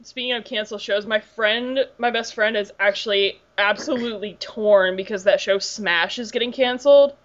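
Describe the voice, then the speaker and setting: A woman's voice: medium pitch, normal speed, few pauses. A woman hosting a podcast in casual chat, talking loosely with lots of "like" and the odd swear word. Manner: chatty, profane, filler-heavy with "like". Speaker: podcast host. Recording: dull lo-fi podcast audio.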